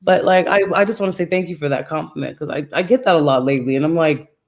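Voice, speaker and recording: Woman, calm soothing voice, serene, soft-spoken, casual interview guest. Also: low-pitched, fast. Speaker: guest podcaster.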